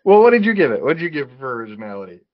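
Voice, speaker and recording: A man's voice: a little high, very animated, very fast, highs cut off. A man co-hosting a podcast, chatting casually about a film in an easygoing way, with hesitant restarts and frequent laughs. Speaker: podcast co-host. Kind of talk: casual movie review chat.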